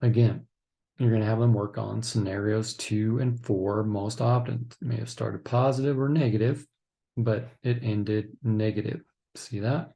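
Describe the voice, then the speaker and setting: A man's voice: fairly low pitch, steady tone, unhurried, creaky, dark tone. A man giving a recorded training lecture for counselors, teaching in an instructive way and often checking in with "okay?". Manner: acts out couples' lines in quotes.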